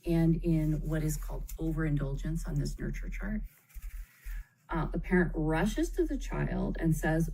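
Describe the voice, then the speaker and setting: A woman with a lowish, mellow voice walks viewers through a parenting chart in a live stream. She keeps it conversational, pausing to check in with "okay?" and speaking of kids with gentle empathy. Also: lively intonation, vocal fry, low-quality recording. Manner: warm, empathetic phrasing, calls children "kiddo". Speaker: parenting educator. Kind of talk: live-streamed explanatory talk.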